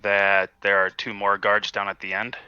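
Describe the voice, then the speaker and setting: A man playing a tabletop game who asks slow, hesitant questions. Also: lowish voice, completely flat delivery, pushed and bright, clear, resonant tone, dry recording. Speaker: player. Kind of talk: casual game talk. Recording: dull dry lo-fi mic.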